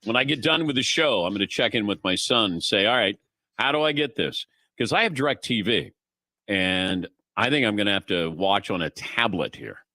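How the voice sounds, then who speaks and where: A man's voice: on the low side, lively intonation, moderate pace, pushed and bright, no room sound. A middle-aged man hosting a sports talk radio show, chatting casually and telling anecdotes, acting out the voices of people he quotes. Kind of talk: casual on-air chat and storytelling.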